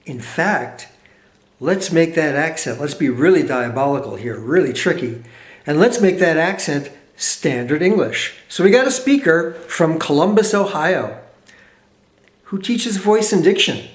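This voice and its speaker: A man being interviewed as a researcher, explaining his studies with animated storytelling and quick asides. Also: a little high, roomy sound.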